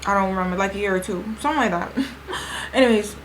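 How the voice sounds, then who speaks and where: A fast-talking young woman with a mid-range voice dishes on a party in her storytime vlog, using slang and acting out everyone's lines. There's a little hiss or hum, and the recording is rough.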